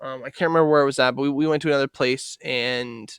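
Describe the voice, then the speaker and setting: A man's voice: mid-range voice, steady tone, fast talker, smooth, no echo, studio quality. A man in his twenties, co-hosting a podcast, telling a rambling story with lots of swearing and fillers. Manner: rambling storyteller, swears a lot, acts out quotes loudly. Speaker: podcast co-host. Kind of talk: casual chat.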